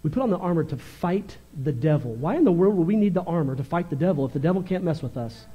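A male pastor preaching a fervent, animated sermon, moving between loud bursts and quieter stretches. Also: fairly high pitch, fast, slightly rough.

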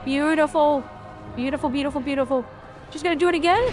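A woman streaming a video game, reacting loudly and swearing freely at each twist of the fight. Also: high voice, fast, music in the background. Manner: excitable, swears a lot, talks at the game. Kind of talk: live gameplay commentary.

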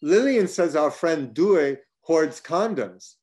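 An excitable dinner companion speaks in a high, shrieking, laughing voice, as a male reader puts the character on. The pitch sits far above the reader's own. The delivery is quick, gleeful and loud. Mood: amused.

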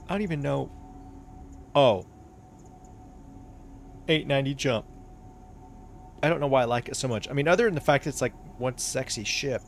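A man giving excited, chatty commentary while playing a space game, reacting aloud to everything he sees. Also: mid-range voice, vocal fry, a little hiss or hum. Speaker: gaming YouTuber. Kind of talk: casual gameplay commentary. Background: game music.

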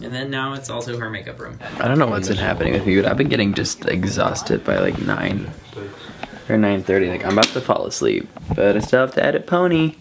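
A man's voice: on the low side, huge pitch swings, brisk, vocal fry, background noise. A young man hosting a casual vlog, rambling playfully and full of filler words, filmed on a handheld camera. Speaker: vlogger host.

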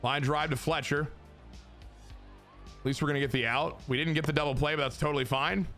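Excitable man streaming a baseball game. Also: a little high, fairly quick, faint music behind. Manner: excitable, swears, talks to chat. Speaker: gaming streamer. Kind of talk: casual gameplay commentary.

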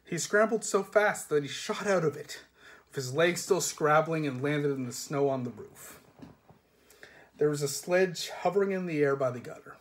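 A man reading a comic fantasy novel aloud with lively narration. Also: a little high. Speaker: reader.

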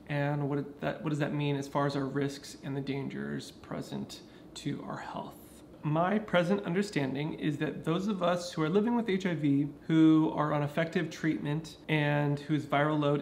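A man's voice: fairly high pitch, gravelly, slight background noise. A man talking casually to his camera at home, explaining things earnestly with frequent restarts. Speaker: vlogger. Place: indoors at home.

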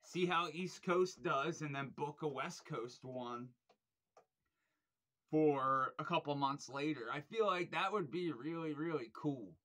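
In an unhurried, slightly high voice that sounds pushed and bright, this young vlogger reviews records, rambling through casual chat packed with fillers and swearing. He gets keen about the music, though digging through his shelves frustrates him.

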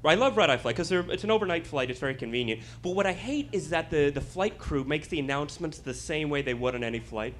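A man performing a stand-up routine, telling a story in an animated way with quick asides. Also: fairly high pitch, slight background noise. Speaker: stand-up comedian.

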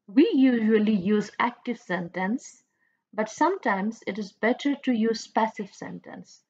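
A woman's voice: on the high side, unhurried, darkish tone, breathy edge, lo-fi sound. A woman college English teacher with a Bangladeshi accent, giving a recorded lecture and explaining grammar patiently, asking questions and repeating her points. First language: Bengali.

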